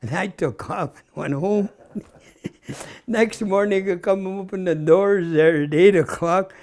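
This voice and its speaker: Gravelly ninety-something Canadian man reminiscing. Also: on the high side, a little mellow. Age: 90s. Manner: chuckling, reminiscing, tags with "eh". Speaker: interview guest. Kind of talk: casual storytelling.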